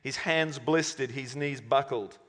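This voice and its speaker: A man's voice: mid-range voice, measured pace. A male preacher giving a conversational sermon and reading a story aloud. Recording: long hall reverb.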